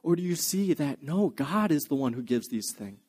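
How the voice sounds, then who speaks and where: Earnest male preacher, slightly high voice. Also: expressive, normal speed, darkish tone, husky. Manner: earnest, many rhetorical questions. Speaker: pastor. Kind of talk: sermon.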